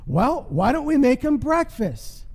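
A man's voice: very high-pitched, very animated, unhurried, darkish tone, pitched above the performer's own voice, heavily acted. A man voicing a friendly, eager male chicken in a sermon story. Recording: long hall reverb.

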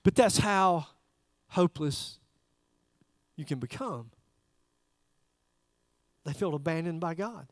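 A man's voice: a little high, expressive, slow pace, pauses often, no room sound. A man preaching a sermon in a church service, talking conversationally and putting direct questions to the congregation. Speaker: pastor.

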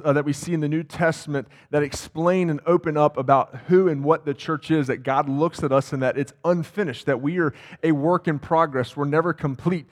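A man preaching a sermon as campus pastor, talking casually and asking the congregation questions. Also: a little high. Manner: conversational, asks the congregation questions. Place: church sanctuary.

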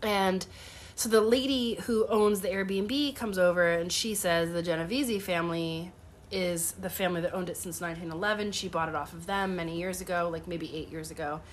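Brief: woman podcast co-host, animated storyteller, sick and coughing now and then, faint noise behind. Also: lowish voice, moderate pace. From part Sicilian and Italian heritage. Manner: animated storyteller, laughs often. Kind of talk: casual chat, storytelling.

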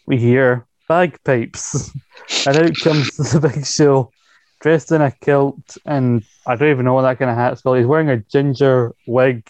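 A man's voice: medium pitch, a little mellow. A Scottish man talks wrestling in a blunt, mocking way, swearing freely. His voice comes through a somewhat dull, lo-fi mic in a dry space without echo. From Scotland. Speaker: podcast co-host. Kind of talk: casual chat, wrestling recap.

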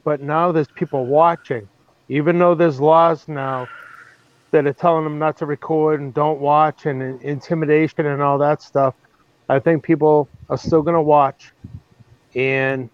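A man with a Boston accent calls in, his voice a touch high and blunt. The call audio is dull and lo-fi, with a dry sound and no room echo. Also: steady tone, a little slow. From Massachusetts. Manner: blunt, plain-spoken. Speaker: caller, field reporter. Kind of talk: casual phone-in report.

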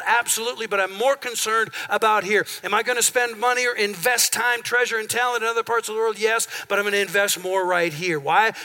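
A man's voice: sits high, pushed and bright. A male pastor preaching a sermon in a church, talking conversationally and calling on the congregation for amens. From central Minnesota. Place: church sanctuary.

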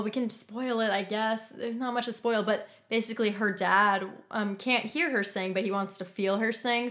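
A woman's voice: mid-range voice, a bit bright. A woman giving blunt, opinionated takes on a film in a casual panel chat. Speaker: film critic. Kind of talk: casual discussion.

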